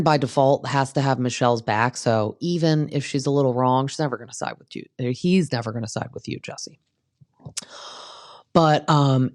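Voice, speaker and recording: A woman with an extremely low, slightly mellow voice hosts a podcast, giving a chatty, gossipy recap of a reality show peppered with "like" and "um." The sound is clean studio quality with no echo.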